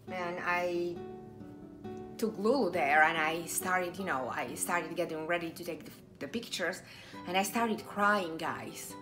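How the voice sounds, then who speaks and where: A woman's voice: fairly low pitch, a bit bright. A middle-aged woman chatting casually to camera about her hobby, emotional and full of restarts and fillers. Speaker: doll collector vlogger.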